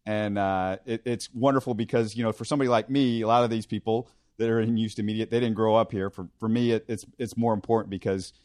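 Male sports host; low, dry, friendly and admiring, halting at times. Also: fairly even intonation, a little mellow, dry recording. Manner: friendly, admiring, hesitant restarts. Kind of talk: casual interview.

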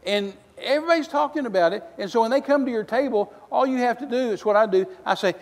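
A male missionary preacher delivering a sermon, telling folksy stories with bursts of loud outrage. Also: very high-pitched, quick pace, few pauses, in a large hall.

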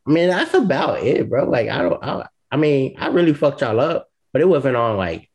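A man's voice: mid-range voice, very animated, normal speed, darkish tone, slightly rough. A man joking around with friends on a podcast, slangy and teasing. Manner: loose slangy teasing, laughs easily. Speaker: podcast co-host. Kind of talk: casual banter.

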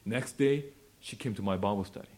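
A man preaching a sermon and leading a prayer, swinging between quiet asides and loud, fervent declarations. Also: on the low side, brisk. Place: church fellowship meeting.

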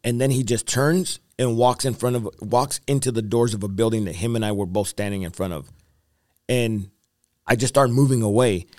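A man's voice: mid-range voice, normal speed, dark tone, dry recording, studio quality. A male evangelist, the interview guest, tells his story in an earnest, rambling way with repeated phrases and fillers. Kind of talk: testimony in a podcast interview.

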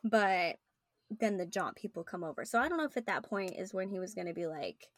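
A woman chatting casually about a book, animated and reading passages aloud. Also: medium pitch, a little fast, no room sound.

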